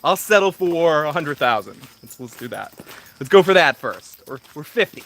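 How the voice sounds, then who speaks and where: A man in his thirties hosts a casual livestream from home and reads out viewer comments. His voice sits a little high and has a bright, tense edge. He rambles, makes fun of himself, swears freely and laughs often. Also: sing-song, moderate pace. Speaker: livestream host.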